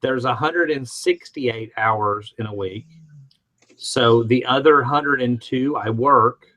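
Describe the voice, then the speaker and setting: A man's voice: mid-range voice, takes it slowly, pushed and bright, poor audio. A middle-aged man from Alabama, chatting on a podcast panel and telling rambling, self-mocking stories. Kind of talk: casual podcast chat.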